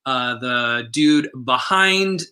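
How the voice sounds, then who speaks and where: An enthusiastic man co-hosting a comic shop stream, his voice very bright and tense. He rambles cheerfully, stacking fillers and restarts as he talks up new releases. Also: mid-range voice, expressive, very slow. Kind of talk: casual chat.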